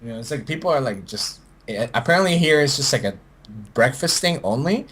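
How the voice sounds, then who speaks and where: A man's voice: mid-range voice, brisk, breathy edge. A young man from Peru telling stories in casual chat, acting out dialogue and swearing a lot. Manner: animated storyteller, swears a lot, acts out dialogue. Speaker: podcast guest. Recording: faint background noise.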